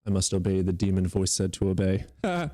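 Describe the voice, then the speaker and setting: A man's voice: sits low, very animated, a little fast, mellow, no echo, clean studio sound. A young man streaming live, joking and teasing his viewers in casual chat. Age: young adult.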